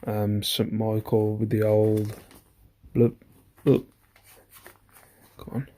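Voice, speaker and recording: A man's voice: on the low side, completely flat delivery, slow pace, warm tone. Rambling reseller man. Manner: chatty, rambling, self-deprecating, many ums. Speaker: eBay reseller. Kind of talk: casual haul vlog.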